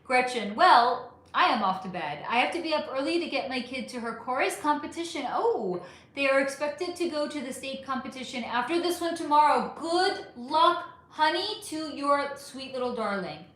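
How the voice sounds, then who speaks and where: A woman's voice: high-pitched, expressive, moderate pace, fairly bright tone, echoey room. A middle-aged woman hosting a casual livestream, reading viewer comments aloud, chatty and affectionate, calling people honey and swearing freely. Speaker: livestream host.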